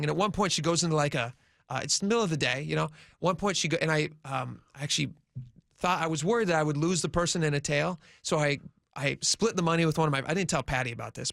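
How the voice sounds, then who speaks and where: A man's voice: a little high, vocal fry, a bit bright, no echo, studio quality. Man in his forties telling a rambling story. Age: 40s. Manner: rambling anecdotal storyteller, many fillers. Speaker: radio host. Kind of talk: casual storytelling on talk radio. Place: radio studio.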